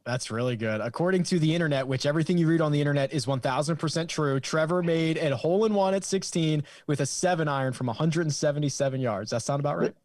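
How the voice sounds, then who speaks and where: A man hosting a golf podcast, asking questions in a quick, joking way. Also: on the high side, darkish tone, dry recording. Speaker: podcast host. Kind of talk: casual podcast chat.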